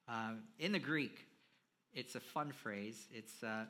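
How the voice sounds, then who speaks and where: Bright-voiced, animated male preacher. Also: fairly low pitch, slow pace. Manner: animated, swinging between hushed and emphatic; conversational, with fillers, addresses the audience. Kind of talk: sermon.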